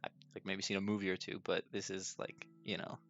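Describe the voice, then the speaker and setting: A man's voice: low voice, monotone, a little fast, a bit bright. A young man hosting his own podcast, telling a personal story casually, nervous and self-deprecating, laughing often. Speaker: podcast host. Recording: dull lo-fi sound with faint music.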